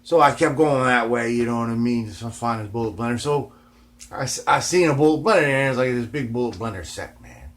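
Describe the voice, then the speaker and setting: Laid-back male vlogger, rambling yarn-spinner, swears freely, drops "man" into every line, swings from loud to hushed. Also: mid-range voice, brisk. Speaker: guitar vlogger. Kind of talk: rambling casual storytelling.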